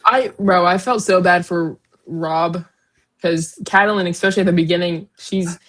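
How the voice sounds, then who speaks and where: A young woman with a fairly low voice co-hosts a casual book podcast. She retells the plot in an animated, rambling way, padding her sentences with fillers and giggles. Her delivery is relaxed and conversational. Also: moderate pace. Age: young adult. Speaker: podcast co-host.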